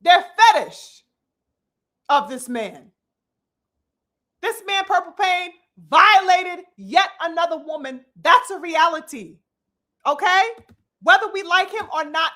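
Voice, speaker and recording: A woman with a high, bright, ringing voice delivers a heated live commentary. She lectures like a preacher, stressing long words, swearing freely and calling her audience brothers and sisters. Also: lively intonation, a little slow. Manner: preachy, emphatic, profane, addresses "brothers and sisters". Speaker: commentary host.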